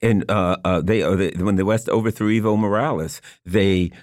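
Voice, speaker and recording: A man hosting a talk show, asking questions in a halting way with many restarts and fillers. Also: low voice, steady tone, darkish tone, no room sound, studio quality. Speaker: radio show host. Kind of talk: interview questions.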